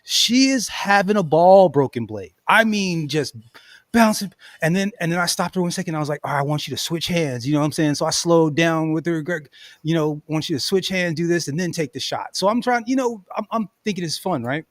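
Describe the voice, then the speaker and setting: A man telling a long, animated story in a casual chat, often laughing and saying "bro.". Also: fairly high pitch, fairly quick, no room sound. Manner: animated, laughs often, says "bro" and "you know what I'm saying". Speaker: podcast host.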